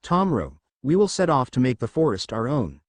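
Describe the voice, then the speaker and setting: Direwolf alpha, proud, commanding, lively pitch, voiced by a man. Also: brisk, dry recording. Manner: commanding, declarative.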